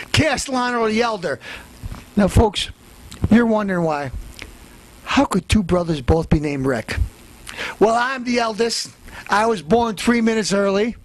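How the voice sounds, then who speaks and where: A man playing a loud, boastful elder brother in a comedic character rant, ranting as guest host. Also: high voice, expressive, unhurried, long pauses, voice pushed down, low-quality recording.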